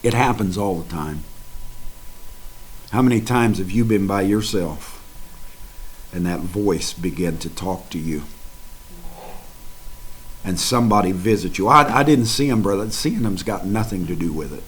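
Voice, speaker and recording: A man preaching a sermon in a dramatic, folksy way, swinging from hushed to loud and speaking straight to his listeners. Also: low voice, a little slow, long pauses, a little hiss or hum, rough recording.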